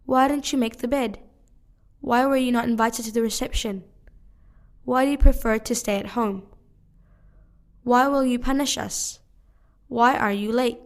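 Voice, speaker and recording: Female English teacher, fairly high voice, careful measured delivery of practice sentences. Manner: measured, careful reading of one question at a time. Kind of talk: reading drill sentences aloud.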